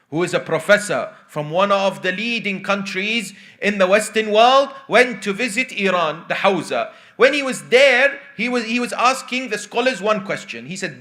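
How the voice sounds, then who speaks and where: A male preacher giving a sermon, telling a story with dramatic dips into hushed tones and asking the congregation questions. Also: high-pitched.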